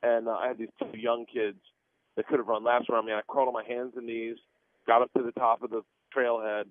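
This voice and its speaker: A man in his 40s, a guest comedian, phones into a radio interview and recounts what happened on a plane, then in its lavatory. Speaking a little fast in a mid-range voice without echo, he laughs through the animated telling over a tinny, dry line.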